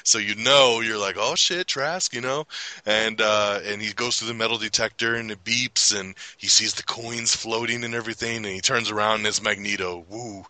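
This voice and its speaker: A man hosting a casual movie review podcast, excitable, laughing often and acting out quotes in a raised voice. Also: lowish voice, moderate pace, dry recording, poor audio. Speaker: podcast host.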